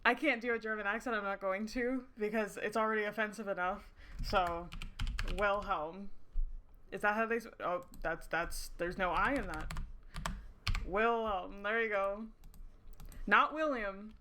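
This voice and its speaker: A woman's voice: medium pitch, steady tone, a little slow, long pauses, background noise. A woman streaming a romance game, rambling in casual chat, giggling often and swearing freely. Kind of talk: casual let's-play chat. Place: indoors at her screens under dim night lighting.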